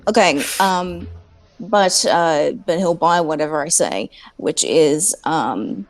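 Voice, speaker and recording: A woman's voice: low-pitched, lively intonation, slow pace, no room sound. A woman playing a character in a tabletop role-playing game, playful and breezy, laughing often. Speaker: player.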